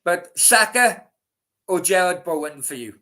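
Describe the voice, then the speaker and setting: Bright, high-voiced man chatting. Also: animated, takes it slowly. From Wales. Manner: rambling, swears freely, addresses chat directly. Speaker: host of a live stream. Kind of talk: casual live-stream chat.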